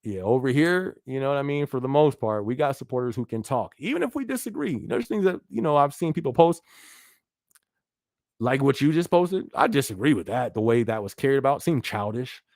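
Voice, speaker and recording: A man's voice: mid-range voice, lively intonation, a little fast, a little mellow, no room sound, clean studio sound. Laid-back man chatting on a live stream. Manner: laid-back, laughs often, frequent fillers like "you feel me". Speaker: livestream podcast host. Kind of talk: casual live-stream chat reading viewer comments.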